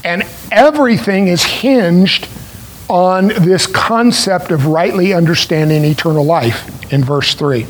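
A man preaching a sermon, explaining a scripture passage in a deliberate way with pauses. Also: sits high, slight background noise, poor audio. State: clearing his throat.

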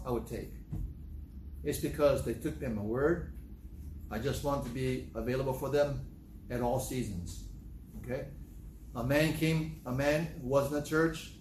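Emotional pastor preaching in a roomy church. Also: male voice, medium pitch, darkish tone, slight background noise. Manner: emotional, with repeated phrases and sudden raised outbursts. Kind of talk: sermon.

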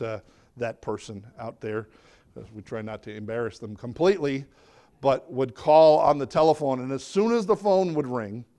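Middle-aged man preaching a sermon. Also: mellow. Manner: conversational preaching, drops low for emphasis. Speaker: pastor.

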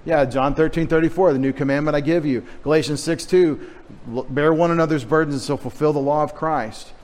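A man's voice: a little high, fairly even intonation, a little fast, a little mellow. A middle-aged man from Texas preaching a sermon with a light Texas accent, joking in chatty asides. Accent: Texan. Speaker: pastor. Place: church.

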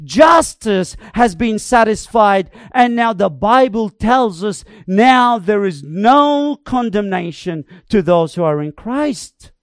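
A preacher delivering an emphatic, dramatic sermon that swings between loud cries and quiet asides. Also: mid-range voice, expressive, slow pace, hardly any pauses, dry recording, studio quality. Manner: emphatic, dramatic, varies loudness and tempo.

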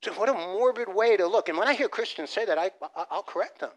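A man preaching a sermon as pastor, animated, dropping from loud emphasis to soft asides and restarting phrases. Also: high-pitched, fast. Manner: repeats words as he restarts phrases.

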